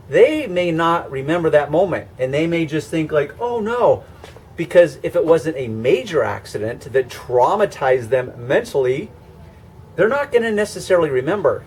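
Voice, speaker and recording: A man's voice: a little high, a little mellow, slight background noise. A man teaching car scratch repair in a hands-on demonstration, explaining step by step in a conversational, emphatic way. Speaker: car detailing instructor.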